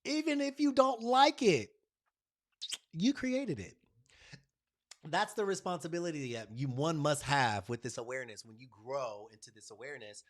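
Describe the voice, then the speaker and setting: A man hosting his own live stream, telling stories and giving a spiritual pep talk. He is animated and affectionate, calls viewers y'all and baby, and swings between loud excitement and a soft hush. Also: fairly high pitch, normal speed. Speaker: channel host.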